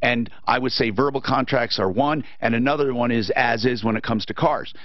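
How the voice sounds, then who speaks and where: A man's voice: medium pitch, normal speed, no echo, muffled recording. A man hosting a call-in radio talk show, giving blunt, opinionated advice to callers and reading live ads.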